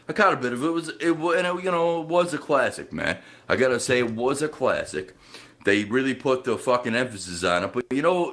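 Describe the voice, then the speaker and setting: A male livestreamer from Canada, rambling through profane, conspiratorial tangents. His voice sits at an ordinary middle pitch, and he keeps tacking "man" onto his sentences. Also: fairly bright tone.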